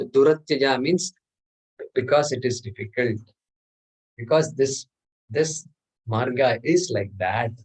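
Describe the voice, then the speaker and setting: A man's voice: mid-range voice, a little mellow, poor audio. A man, teaching a scripture class and explaining terms patiently, repeating words and chuckling often. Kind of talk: class lecture.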